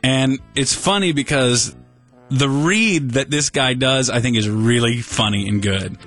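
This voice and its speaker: A man's voice: mid-range voice, unhurried, a bit bright. Guy hosting radio, joking around, faint music under him. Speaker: radio host. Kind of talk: casual radio chat.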